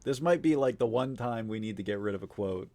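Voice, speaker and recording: A man's voice: on the low side, animated, brisk, mellow. A man streaming live, chatting casually with viewers in a rambling way, full of fillers, frequent swearing and easy laughs. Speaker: livestreamer.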